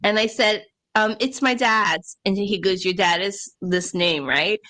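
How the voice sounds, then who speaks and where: A woman co-hosting a podcast, telling a story in a casual, animated way with laughs and acted-out quotes. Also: medium pitch, measured pace. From Ontario, Canada. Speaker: podcast co-host.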